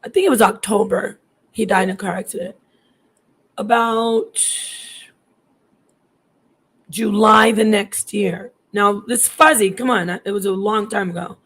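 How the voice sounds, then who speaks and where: A woman's voice: medium pitch, expressive, normal speed, a bit bright, husky. A woman in her thirties telling a personal story in a casual, digressive way, restarting sentences and acting out what people said. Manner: chatty, digressive, restarts often, acts out quoted voices.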